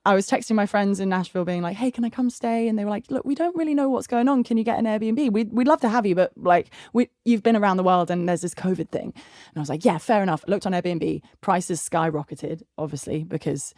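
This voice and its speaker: A woman in her thirties with a southern English accent, telling stories in a lively, chatty interview and laughing often. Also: mid-range voice, a little fast, dry recording, studio quality. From England. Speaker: guest songwriter. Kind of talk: casual interview chat.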